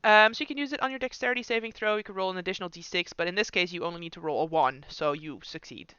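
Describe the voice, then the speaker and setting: A man narrates a tabletop game as its game master, and his voice comes across bright and very crisp. He talks in a relaxed, chatty way. The sound is dry and a little dull. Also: high-pitched, dry recording. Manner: relaxed, chatty, puts on quick voices for figures.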